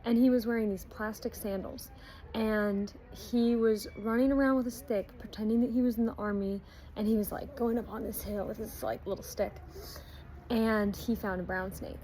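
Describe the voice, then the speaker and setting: A woman's voice: a little high, steady tone, normal speed, dark tone, a little hiss or hum, rough recording. A woman casually reviewing a book, retelling stories in a chatty way, with frequent ums and likes. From not Australian.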